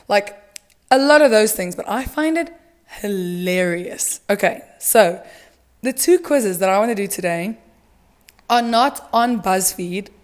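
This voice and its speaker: A young woman from South Africa hosting a solo podcast, chatting casually with dramatic rants and plenty of filler words. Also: mid-range voice. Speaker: podcast host.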